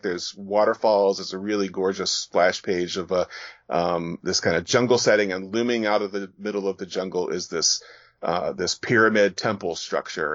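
A man's voice: deep voice, a bit bright, no echo. A man, a graphic novelist guest on a podcast, casually walking listeners through his comic page by page. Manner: casual, descriptive, with fillers. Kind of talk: reading and describing his comic. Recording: dull, dry sound.

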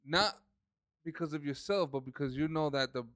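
A man hosting a podcast who speaks to his guest with emphatic encouragement. His mid-range voice is smooth and clear. The sound is dry and close. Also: on the high side, moderate pace, a bit bright, no room sound. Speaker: podcast host. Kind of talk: casual podcast chat.

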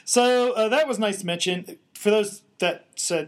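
A man co-hosting a podcast, trading bawdy jokes and quick asides in casual banter. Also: sits high. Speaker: podcast co-host.

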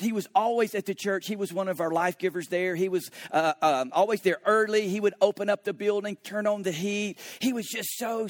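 A man who is a pastor, preaching a sermon and telling a story, moving between hushed, slow moments and lively, animated stretches. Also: high-pitched, no room sound, clean studio sound.

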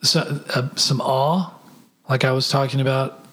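Co-host with a mid-range voice, earnest and explanatory, teaching in a relaxed podcast talk. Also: mid-range voice, measured pace. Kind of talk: reflective podcast conversation.

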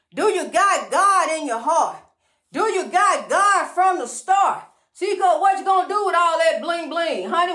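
A woman's voice: very high voice, fairly bright tone, reverberant. A woman giving a preachy, sing-song motivational monologue, calling the listener honey and repeating rhyming phrases.

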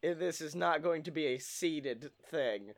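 A man's voice: fairly high pitch, a little slow. A man hosting a casual podcast chat, joking and riffing with profanity. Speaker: podcast host.

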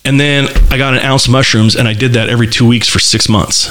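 A man's voice: medium pitch, fast talker. Man telling a vivid, candid story. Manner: candid, loose, filler-heavy with frequent restarts; vivid, animated description. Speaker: podcaster telling a personal story. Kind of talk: casual conversational storytelling.

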